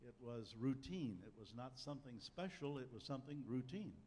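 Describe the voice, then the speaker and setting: A man's voice: medium pitch, animated, a little fast, a little mellow, a little hiss or hum. An older man preaching a sermon, telling a personal story in a folksy way with dry humor. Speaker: pastor. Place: church sanctuary. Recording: long church hall reverb, faint ambience.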